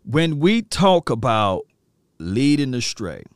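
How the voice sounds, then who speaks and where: A man hosting a casual sports podcast live stream, loose and slangy, shouting out viewers in the chat. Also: mid-range voice, big pitch swings, takes it slowly, dry recording, studio quality. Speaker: podcast host.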